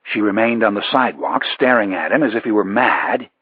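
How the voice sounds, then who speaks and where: Brief: measured male audiobook narrator, husky tone, dry dull sound. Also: on the low side, lively intonation, no room sound. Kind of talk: scripted narration.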